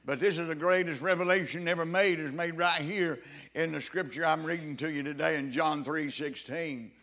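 Fervent male preacher with a high voice, stumbling restarts and loud rising emphasis. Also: steady tone. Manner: halting with repeated restarts. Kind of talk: sermon.

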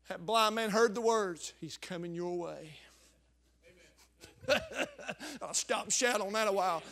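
A preacher delivering a fervent sermon in a strikingly high voice. His tone is bright and ringing, and he pushes into shouts at the peaks of his message. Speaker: pastor.

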